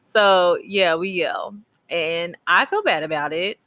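A woman's voice: fairly low pitch, slow pace, sharp tone, no echo. A woman, chatting candidly as a podcast co-host and telling stories with a laugh. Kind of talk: casual chat.

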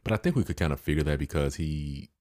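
A man with an extremely low, deep voice co-hosting a relaxed film chat. He talks in a laid-back way, dropping dry jokes and quick agreements between his partner's retellings. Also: no room sound. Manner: laid-back, joking asides and short backchannels. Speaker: podcast co-host. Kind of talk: casual film-discussion chat.

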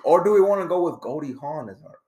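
A man's voice: fairly high pitch, expressive, quick pace, mellow, a little hiss or hum. A man in his forties hosting a podcast, chatting casually in a jokey, rambling way. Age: 40s. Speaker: podcast host. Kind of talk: casual chat.

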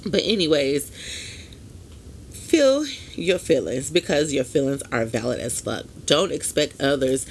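A podcast host speaks straight to the listener in a loose, unscripted solo monologue, at an ordinary middle pitch. The delivery is blunt and emphatic, with casual swearing dropped in and plenty of fillers and little asides. A faint noise sits underneath the voice. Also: lively intonation, slow, pauses often.

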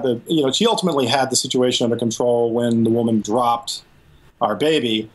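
A man, a guest on a talk show, calmly recounting events in a measured way. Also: mid-range voice, rough recording. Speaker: caller guest. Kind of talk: phone interview.

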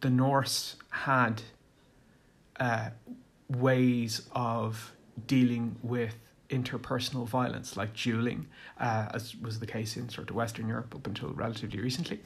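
A man's voice: mid-range voice, flat delivery, unhurried, gravelly. A man giving a rambling casual monologue on running tabletop games, hesitant with many fillers and restarts. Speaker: tabletop game commentator.

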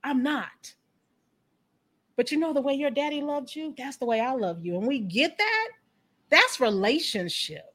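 A woman guest, a company founder and coach, chatting casually and telling animated personal stories. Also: sits high, a little fast, hardly any pauses. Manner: animated, emphatic storyteller.

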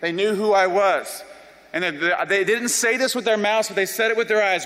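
A young man from South Carolina, telling his life story as an animated, self-deprecating testimony. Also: high voice, a little fast. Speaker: speaker giving a personal testimony. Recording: long reverb of a large hall.

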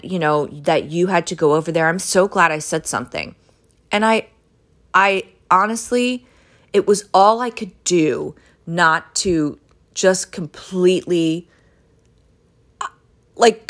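A woman telling a story to her listeners in a casual, animated and exasperated way, swearing now and then and leaping into high exclamations.

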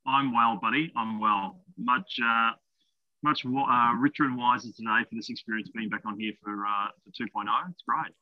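A man's voice: mid-range voice, fairly even intonation, normal speed, no echo, muffled recording. A man chatting as a guest on a video call from outdoors in a backyard, laid-back. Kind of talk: casual video-call chat.

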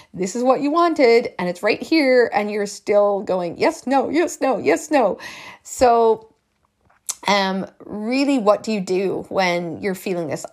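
A woman's voice: mid-range voice, darkish tone. A woman speaks in a podcast monologue as a life coach. Her delivery is earnest and encouraging, and she often says a phrase twice or three times for emphasis. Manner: emphatic, repeats phrases for effect.

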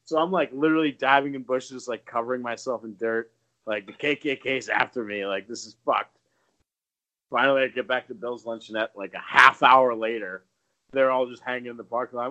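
A man in his thirties, a podcast co-host telling a story casually, swearing freely and jumping up in pitch when acting out quotes. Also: steady tone, moderate pace, sharp tone. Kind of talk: casual storytelling among friends.

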